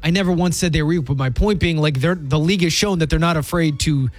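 A man's voice: a little high, quick pace, faint music behind. A man co-hosting a sports talk show, arguing his points emphatically and with rising disbelief. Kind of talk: heated sports debate.

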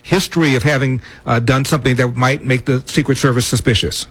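Husky-voiced male radio host. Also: medium pitch, a little fast. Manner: probing questions, calm and steering. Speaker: radio talk show host. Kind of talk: call-in radio talk.

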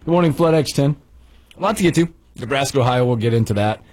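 Animated husky male radio host. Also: mid-range voice, quick pace. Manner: animated, sing-song greetings, laughs often. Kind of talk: morning sports radio chat.

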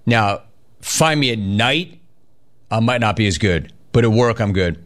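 A man hosting a sports talk radio show, reading listener chat aloud in energetic, quick bursts. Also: on the low side.

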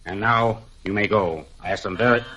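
An actor playing a cold, menacing master criminal who speaks in a measured, formal, threatening way in a 1940s radio drama. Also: male voice, on the low side, sharp tone, dull audio, a little hiss or hum. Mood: commanding.

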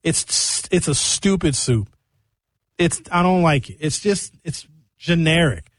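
A young man hosting a radio show, chatting casually with jokes and quick tangents. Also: on the high side, dry recording. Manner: animated, jokey, jumps between tangents. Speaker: radio host.

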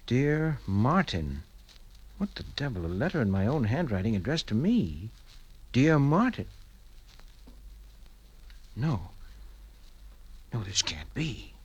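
A man's voice: fairly low pitch, very animated, quick pace, hardly any pauses, a little mellow, lo-fi sound, slight background noise. An actor playing a troubled middle-aged father in a 1940s-style radio drama, hesitant and stammering.

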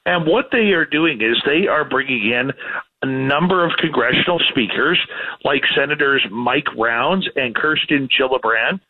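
A man calling in to a talk radio show, giving a brisk and slightly wry news rundown. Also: mid-range voice, expressive, breathy edge. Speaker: news contributor. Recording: tinny phone line.

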